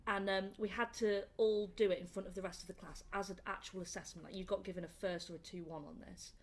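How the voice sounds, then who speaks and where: A young woman with a Northern English accent, a comedian chatting in a casual interview and telling animated, laughing stories. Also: medium pitch, quick pace, a little hiss or hum. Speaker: comedian guest. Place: indoor room.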